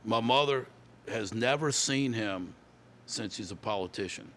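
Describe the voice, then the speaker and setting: A man's voice: lowish voice, unhurried, a bit bright, a little hiss or hum. A man, telling stories as a guest in a casual interview, often repeating and restarting words. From Louisiana. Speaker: guest musician.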